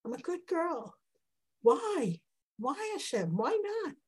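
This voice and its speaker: A woman's voice: high-pitched, big pitch swings, slow, a little mellow, pitched above the performer's own voice, heavily acted. A woman voicing a childless ancient woman begging God for a son, in an earnest, imploring tone. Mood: pleading.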